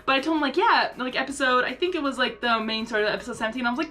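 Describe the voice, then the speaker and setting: A young woman telling a personal story to her viewers in an excitable, gushing way, full of fillers and restarts. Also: sits high, racing, faint music behind. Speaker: vlogger. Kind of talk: casual storytelling.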